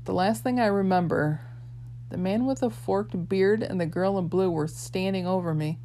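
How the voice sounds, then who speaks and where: A woman reading a novel aloud as first-person narration, expressive and shifting between a boy's and a girl's voices. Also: mid-range voice, moderate pace, slight background noise. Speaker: audiobook narrator.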